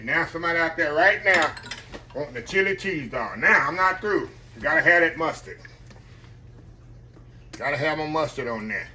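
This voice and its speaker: A man's voice: mid-range voice, pushed and bright, slight background noise. A middle-aged man, chatting folksily to his viewers as he cooks at home. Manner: folksy, chatty, talks straight to viewers as y'all. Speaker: cooking vlogger. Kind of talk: casual cooking vlog. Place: home kitchen.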